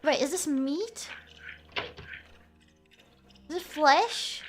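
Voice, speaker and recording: A woman's voice: high voice, expressive, drawn-out words, a little hiss or hum. A woman streamer giving casual, playful commentary while she plays a horror game and jokes with her chat. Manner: playful, jokey, talks to chat.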